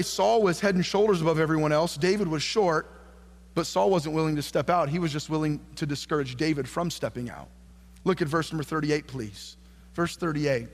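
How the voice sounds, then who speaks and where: A male pastor preaching a sermon, reading scripture aloud and calling questions out to the congregation, building to fervent emphasis. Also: fairly high pitch. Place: church sanctuary. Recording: long hall reverb.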